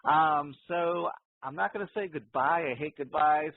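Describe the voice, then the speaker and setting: A man's voice: fairly high pitch, unhurried. A man hosting a radio show in loose, rambling casual chat, broadcasting over a phone. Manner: loose, chatty, rambling with fillers. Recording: tinny dry phone line.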